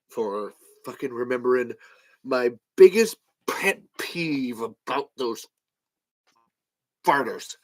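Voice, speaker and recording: A man's voice: medium pitch, a bit bright, poor audio. Male podcast host, casual, rambling, salty language. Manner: rambling, profane. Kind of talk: casual chat.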